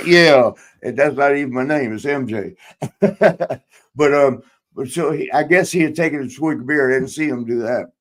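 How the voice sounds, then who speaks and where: A man's voice: mid-range voice, moderate pace. A man in his sixties, a podcast host and former wrestler, telling road stories in a rambling, profane way, laughing often and acting out quotes. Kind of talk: casual storytelling chat.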